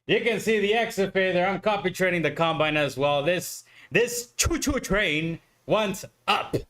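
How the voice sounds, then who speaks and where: A man streams himself trading futures live, commenting to viewers while talking to himself, swearing, pleading with the market and growing exasperated at his own mistakes. His voice is high-pitched and a bit bright, and he speaks at a measured pace.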